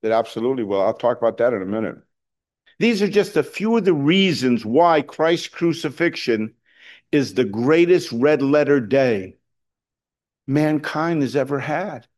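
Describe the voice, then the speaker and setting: A middle-aged man preaching a sermon, talking conversationally with fillers and restarts, building to loud emphatic points. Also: medium pitch, expressive, moderate pace. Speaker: pastor.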